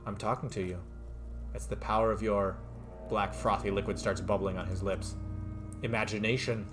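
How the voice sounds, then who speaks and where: A man with a low voice reads game dialogue aloud and comments on it as he plays. His pitch leaps up when something excites him, and faint music plays under his voice. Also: moderate pace. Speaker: let's play streamer.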